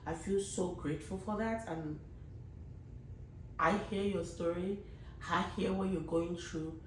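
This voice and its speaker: A woman's voice: mid-range voice, a little mellow, echoey room, far from the mic, a little hiss or hum, poor audio. A woman podcast host, talking in a casual, rambling monologue and earnestly pleading with her listeners.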